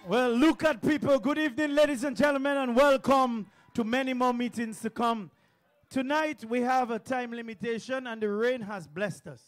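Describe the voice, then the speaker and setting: A man's voice: very high voice, normal speed, soft background music. Rousing Dominican man at rally. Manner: earnest, rousing, lists place names. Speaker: attorney and political speaker. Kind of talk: political rally speech. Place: outdoor rally.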